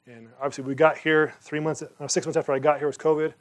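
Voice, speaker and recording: A man's voice: fairly high pitch, level tone, quick pace. Man, pastor, sermon and prayer, earnest, conversational, rhetorical questions.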